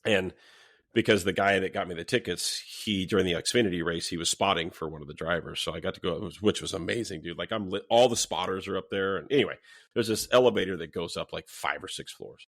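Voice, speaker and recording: Lower-voiced man telling a story, swearing freely. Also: fast talker. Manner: animated, swears freely, acts out quoted lines. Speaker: guest, former police officer. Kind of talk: casual podcast storytelling.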